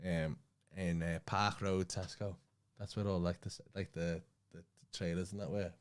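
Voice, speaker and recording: A Scouse comedian who co-hosts a podcast tells a casual anecdote in a deep voice at normal speed. His Liverpool accent comes through as he swears freely, stays animated, and acts out other people's lines.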